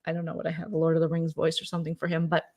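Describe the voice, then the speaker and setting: A woman's voice: deep voice, completely flat delivery, very fast, warm tone. A woman hosting her own vlog in a casual late-night chat, blunt, gossipy and profane. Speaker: vlog host.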